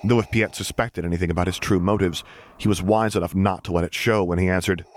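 Male narrator, very low voice, steady unhurried story reading. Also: slight background noise. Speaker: audiobook reader. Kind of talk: scripted narration.

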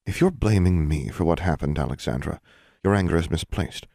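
Icy, measured witch dean in a storybook, deep and dry, read by a man. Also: expressive, gravelly, dark tone, no echo, exaggerated voice. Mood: cool. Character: cool, steady older witch dean, female.

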